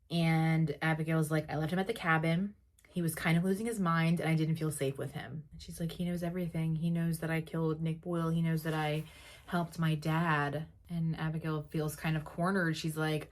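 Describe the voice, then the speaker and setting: A woman hosting a podcast, casually recapping an episode in a chatty way, full of "like" and quick paraphrased quotes of characters. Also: sits low. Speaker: podcast host.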